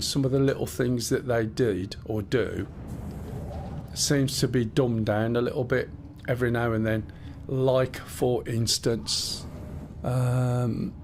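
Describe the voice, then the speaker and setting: A man's voice: medium pitch, darkish tone, a little hiss or hum. A man casually chatting and explaining things as he live-streams a game, rambling and swearing a bit. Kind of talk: live gameplay stream chat.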